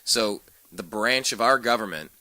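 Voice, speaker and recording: A man hosting a political talk show, opinionated and ranting, with many quick restarts. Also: lowish voice, bright, forceful tone, no echo.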